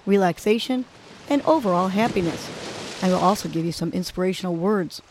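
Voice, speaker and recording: A woman's voice: medium pitch, a little mellow, slight background noise. A woman hosting a podcast, guiding listeners through a breathing exercise in a soothing, encouraging way. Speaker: podcast host and breathing coach.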